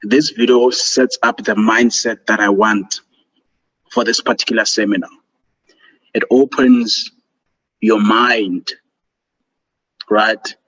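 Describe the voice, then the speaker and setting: A man's voice: fairly low pitch, a bit bright, slightly rough. A man presenting a student seminar over a video call, earnest and encouraging, with fillers. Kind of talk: motivational online seminar talk. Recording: dull lo-fi call audio.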